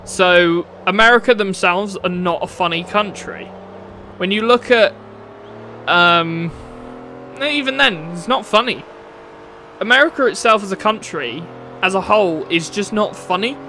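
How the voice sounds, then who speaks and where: A man's voice: sits high, measured pace, sharp tone, a little hiss or hum. A British man streaming a racing game, ranting bluntly and opinionated, swearing now and then. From United Kingdom. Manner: opinionated, blunt, swears, laughs at own jokes. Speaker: gaming streamer. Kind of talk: casual rant while playing.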